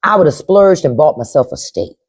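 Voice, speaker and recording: A woman's voice: low voice, sing-song, fairly quick, breathy edge. A woman hosting a live stream, giving blunt, profane commentary and talking straight to her chat by name. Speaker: podcast host on a live stream.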